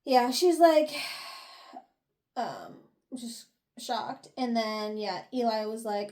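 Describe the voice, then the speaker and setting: Woman podcast co-host, high bright voice, chatty, animated recap of a novel. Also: extremely slow. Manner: animated recapping, swears and laughs. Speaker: book review podcast co-host. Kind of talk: casual chat.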